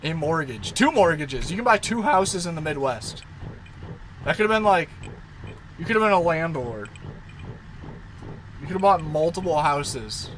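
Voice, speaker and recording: A man's voice: fairly high pitch, very animated, a little slow, long pauses, fairly bright tone, a little hiss or hum, low-quality recording. A man chatting casually on a live stream, rambling and talking baby talk to his dog.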